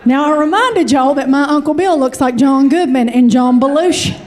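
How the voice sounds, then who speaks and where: A woman in her forties with a Kentucky accent, telling a stand-up story in a chatty, animated way and talking straight to the audience. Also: high-pitched, normal speed, slight background noise. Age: 40s. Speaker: comedian.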